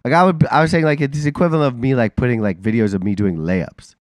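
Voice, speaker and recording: This podcast co-host sounds congested and nasal from a sinus infection, speaking fast at a medium pitch. He rambles through a casual chat full of fillers and laughter, recorded clean in a studio with no room sound.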